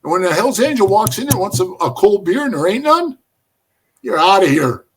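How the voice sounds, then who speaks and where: A middle-aged man telling stories as a podcast guest, animated and profane, often calling the host bro. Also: high voice, moderate pace, a little hiss or hum. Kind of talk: storytelling in casual conversation.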